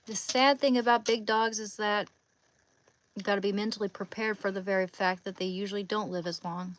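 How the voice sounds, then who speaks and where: A woman's voice: mid-range voice, fairly even intonation, a little fast. A young woman live streaming from her bedroom at home, chatting casually into her phone in rambling asides.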